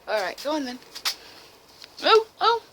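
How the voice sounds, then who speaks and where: A woman's voice: sits high, fairly bright tone, slight background noise, rough recording. Sing-song woman cooing to her cat outdoors. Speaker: vlogger. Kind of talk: casual vlog chat to camera. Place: outdoors in her garden in winter. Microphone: handheld camera filming herself.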